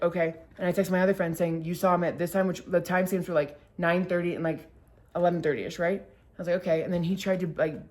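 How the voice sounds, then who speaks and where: Casting: young woman, storytime vlogger, lowish voice, animated, swears a lot, peppers everything with "like". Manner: animated, swearing, heavy use of "like". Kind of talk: casual storytime vlog.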